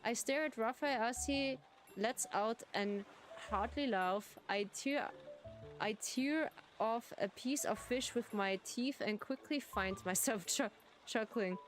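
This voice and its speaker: A German-speaking woman streams a game, reading lines aloud and giggling as she chats. Her voice is fairly high and she talks slowly. Soft game music plays behind her. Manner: reads game text aloud, giggly, restarts words. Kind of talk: live game playthrough commentary.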